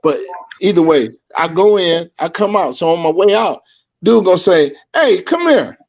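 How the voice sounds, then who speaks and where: A man hosting a podcast, talking in casual chat and telling stories in a profane, animated way, acting out what people said. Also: sits high, moderate pace. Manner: animated, profane, acts out quotes. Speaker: podcast host. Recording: dull lo-fi stream audio.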